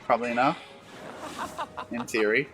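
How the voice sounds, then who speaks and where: A man's voice: medium pitch, fairly even intonation, normal speed. A man streaming a game from his room, talking to the screen in a sassy, teasing way. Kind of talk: casual gameplay commentary.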